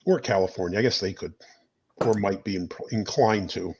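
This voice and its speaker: A man's voice: low voice, moderate pace, dull audio, noisy background. A man co-hosting a live beer stream, chatting casually with jokey asides. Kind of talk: casual chat.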